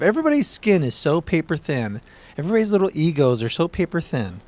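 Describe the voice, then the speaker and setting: Profane, animated man ranting on a podcast. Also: a little high, quick pace. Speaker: podcast co-host. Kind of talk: heated casual podcast debate.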